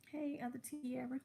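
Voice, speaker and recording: A woman's voice: high-pitched, vocal fry, mellow. A pregnant woman in her twenties chatting casually to the camera while she eats, rambling from topic to topic. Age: 20s. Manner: rambling, chatty, talks between bites. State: pregnant and full from eating. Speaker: vlogger.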